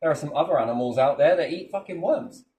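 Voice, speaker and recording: Animated, profane podcast talker. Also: mid-range voice, fast. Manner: animated, profane, jumps into funny voices. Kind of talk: casual chat. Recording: distant mic, faint background noise.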